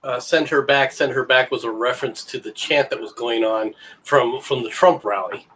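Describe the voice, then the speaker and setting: A man's voice: mid-range voice, normal speed, sharp tone, husky. A man in casual banter as a co-host on a livestream, sarcastic and joking, often slipping into bits.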